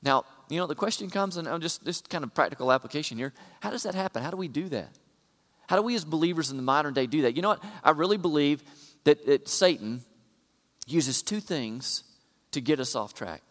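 A male pastor delivering a sermon in a slightly high voice. He moves from soft, talky asides to loud, driving repetition. A long reverb trails his words, as in a big hall. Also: expressive, a little fast. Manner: builds from quiet asides to loud emphatic repetition.

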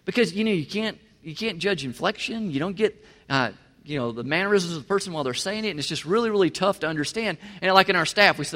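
A man's voice: sits high, fast, bright, forceful tone. A man preaching a sermon as pastor, talking in a conversational way, repeating words and acting out quotes. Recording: reverberant hall.

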